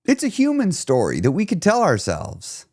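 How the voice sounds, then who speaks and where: A man coaching listeners on weight loss in a relaxed solo monologue. His voice sits a little high for a man and swings widely, rising and falling as he leans into his points with emphatic, casual energy. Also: moderate pace. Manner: animated, emphatic, casual with swearing.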